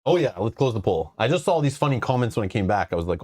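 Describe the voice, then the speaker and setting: A man's voice: lowish voice, fast, a little mellow. A man hosting a casual livestream about board games, talking in a loose, rambling way and often restarting his sentences. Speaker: host of a board game channel.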